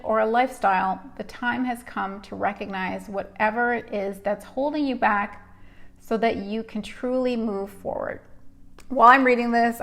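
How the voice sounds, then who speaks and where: Gravelly-voiced teary woman reading cards. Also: a little high. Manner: emotional, tearful and laughing, chatty. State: teary, sniffly. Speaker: live stream host giving card readings. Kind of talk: casual live-stream card reading.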